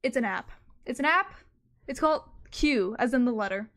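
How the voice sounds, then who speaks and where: A woman's voice: fairly high pitch, animated, normal speed, fairly bright tone. A young adult woman streamer casually telling a rambling, self-mocking story, swearing freely along the way.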